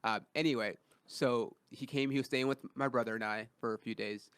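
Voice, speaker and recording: A man hosting a podcast in a studio, telling a story in casual chat and getting loud when he acts out quotes. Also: medium pitch, fairly even intonation, a little fast, clean tone, dry recording. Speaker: podcast host. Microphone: studio mic.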